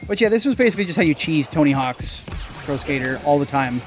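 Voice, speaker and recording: Excitable young man commentating gameplay. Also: fast. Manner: excitable, bursts into high yelps and laughs at mistakes; chatty, swears mildly. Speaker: gaming channel host. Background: faint game music.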